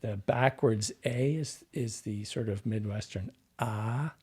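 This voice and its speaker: Husky-voiced man explaining like a teacher. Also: lowish voice, slow pace. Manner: animated teacher, demonstrates sounds as he explains. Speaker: dialect coach guest. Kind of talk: explanatory interview talk.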